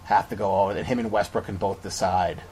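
A man's voice: low-pitched, steady tone, quick pace, a little mellow, slightly rough. A man co-hosting a podcast, chatting casually and opinionated about basketball, rambling with frequent restarts. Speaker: podcast co-host. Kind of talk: casual sports chat.

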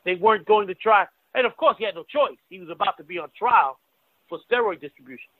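Male co-host, high voice, tinny phone-line sound, emphatic. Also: expressive, fast talker, no echo. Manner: emphatic, stumbling restarts. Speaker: wrestling podcast co-host. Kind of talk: casual chat.

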